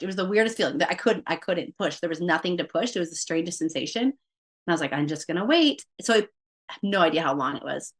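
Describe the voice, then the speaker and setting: A woman's voice: lowish voice, pushed and bright. A woman guest on a podcast, telling a personal story casually and quoting her own thoughts aloud with many fillers.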